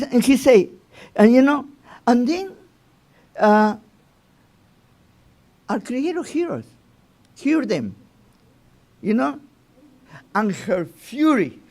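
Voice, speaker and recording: Slow talking rabbi guy, kinda high voice, casual torah class, lots of restarts and "you know?". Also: vocal fry, darkish tone. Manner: halting, restarts phrases, often asks "you know?". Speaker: rabbi teaching the weekly Torah portion. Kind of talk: informal Torah lesson.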